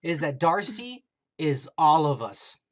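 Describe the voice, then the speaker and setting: A man's voice: fairly high pitch, takes it slowly. Man recapping a TV episode in a casual, swearing podcast chat. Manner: animated, profane retelling with acted-out quotes. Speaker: podcast host.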